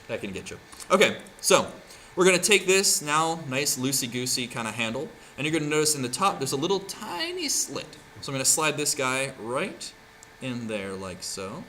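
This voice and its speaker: Lively, bright-voiced man teaching a craft. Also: medium pitch, normal speed, slight background noise. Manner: chatty, keeps asking "right?". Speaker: art teacher. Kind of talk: classroom tutorial demonstration.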